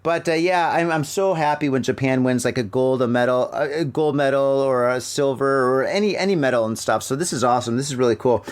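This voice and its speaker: A middle-aged American man hosting a casual news chat from home, rambling and joking as he reads stories haltingly. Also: medium pitch. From United States. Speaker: podcast host. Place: home room with a fan running. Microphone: laptop mic.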